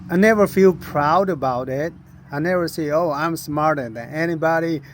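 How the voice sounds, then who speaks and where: A man's voice: a little high, normal speed, a little hiss or hum. A middle-aged man earnestly telling a personal story in non-native English, acting out the voices of people he met. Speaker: inventor sharing his story.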